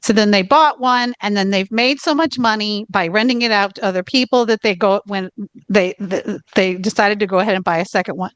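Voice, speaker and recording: A woman's voice: mid-range voice, a little fast, a bit bright, smooth, no echo. A woman co-hosting a podcast, telling a travel story in casual chat with laughs and restarts. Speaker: podcast co-host.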